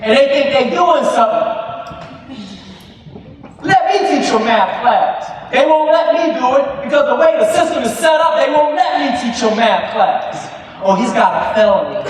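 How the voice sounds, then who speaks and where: A man giving a fiery motivational speech to students in a school hall, preaching in call-and-response and often shouting. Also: very high voice, lively intonation, moderate pace. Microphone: camera far from the speaker. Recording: echoey hall from far off, crowd noise.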